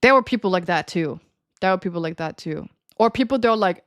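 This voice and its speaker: A woman's voice: fairly low pitch, quick pace, no echo, clean studio sound. A young woman live streamer casually telling a story to her chat, laughing often and swearing freely.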